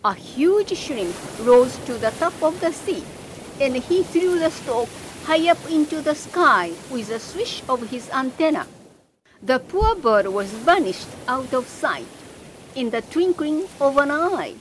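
A woman narrating a children's fable in a slow, expressive read-aloud manner. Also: high voice, a little hiss or hum. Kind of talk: storybook narration.

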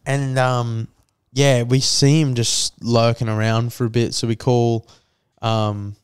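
An Australian man hosting a podcast, spinning a crude, swear-filled story and acting out each exchange. His voice is smooth and clear at a middle pitch. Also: level tone, slow. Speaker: podcast host. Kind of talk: casual storytelling chat.

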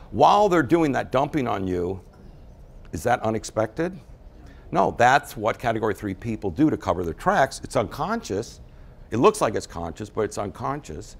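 A man's voice: medium pitch, gravelly. A man giving a talk to a live group, telling stories and acting out the people he quotes. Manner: storytelling, acts out quoted people in changing voices. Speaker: speaker teaching about relationships.

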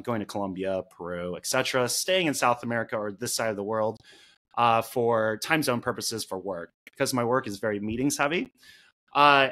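A young man hosting a casual podcast chat, relaxed, with many fillers and laughs between thoughts. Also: mid-range voice. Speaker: podcast host.

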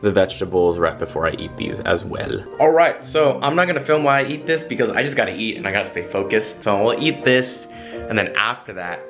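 A man's voice: on the low side, animated, brisk, a bit bright. A young man, talking casually and slangily as a vlogger while he shops and cooks. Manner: laid-back slangy talk. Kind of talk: casual vlog chat. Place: home kitchen and grocery store. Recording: lo-fi music playing under voice.

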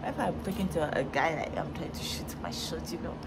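Loud playful young woman, noisy recording. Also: sits low, brisk. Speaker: guest co-host. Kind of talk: casual chat.

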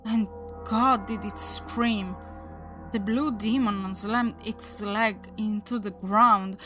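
A woman reading a horror story aloud as its narrator, in a measured, deliberate storytelling manner. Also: fairly high pitch, fairly bright tone. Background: faint background music.

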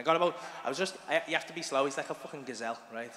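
A man's voice: on the high side, very fast, background noise. A man doing stand-up, telling a crude story with lots of swearing and chatty asides. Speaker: stand-up comedian. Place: live comedy venue, large hall. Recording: live hall with long reverb.

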